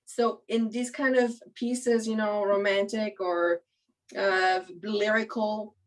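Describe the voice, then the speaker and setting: A woman's voice: mid-range voice, steady tone, slow pace, poor audio. A woman teaching viola in a master class, coaching a student with encouraging explanations full of "you know.".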